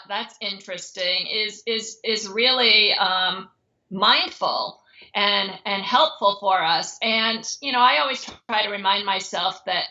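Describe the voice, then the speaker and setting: A woman's voice: medium pitch, gravelly, sharp tone, highs cut off. A woman guest in a casual conversation, speaking earnestly and reflectively, often restarting her sentences.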